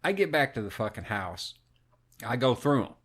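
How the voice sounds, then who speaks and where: A man telling a story on a podcast, animated and swearing constantly in casual chat. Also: medium pitch, normal speed. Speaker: podcast co-host.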